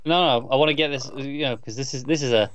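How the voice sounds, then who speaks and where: A man's voice: mid-range voice, fast talker, muffled recording, a crowd in the background. A man co-hosting a casual podcast, emphatically arguing his complaints about an episode, often stammering as he restarts. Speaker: podcast co-host. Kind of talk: casual chat reviewing a TV episode.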